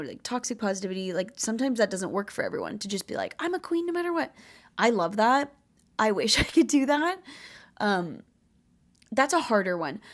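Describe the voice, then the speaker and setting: Earnest young woman chatting candidly. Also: mid-range voice. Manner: earnest, rambling, filler-heavy, tearful at times. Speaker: podcast host. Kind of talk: casual heartfelt chat.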